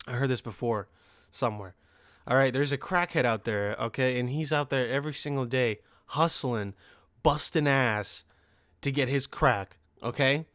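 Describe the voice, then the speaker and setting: Male podcast host, rambling and profane, smooth resonant tone, dry close sound. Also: mid-range voice, fairly bright tone, dry recording. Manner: profane, rambling, full of fillers and restarts. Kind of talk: casual rambling monologue.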